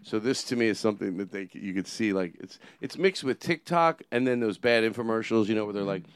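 A man's voice: lowish voice, lively intonation, a little fast, hardly any pauses, clear, resonant tone, dry recording, clean studio sound. A man hosting a comedy podcast, rambling and interrupting himself as he talks.

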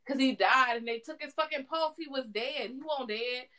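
A young woman co-hosting a podcast, talking casually with animated, profane, emphatic storytelling. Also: high voice, normal speed, low-quality recording. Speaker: podcast co-host. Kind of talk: casual chat.

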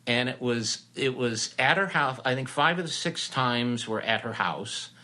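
An older man with a bright, forward voice tells showbiz anecdotes at an easy, chatty pace. He wanders through his stories with fillers and little restarts, like a reporter who has done this for decades. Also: mid-range voice, lively intonation, unhurried. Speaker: entertainment reporter, guest. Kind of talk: casual storytelling interview.

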